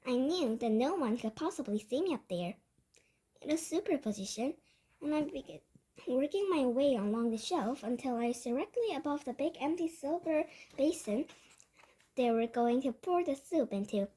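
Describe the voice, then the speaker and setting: A woman reading a children's novel aloud as a first-person story, lively and with occasional slips and restarts. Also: sits high, moderate pace, husky. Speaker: book reader.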